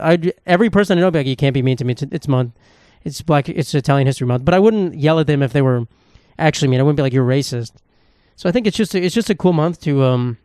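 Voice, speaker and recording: A man's voice: fairly high pitch, a little mellow, no room sound, clean studio sound. A man hosting a solo comedy podcast, rambling in a casual, sarcastic and profane way. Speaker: podcast host.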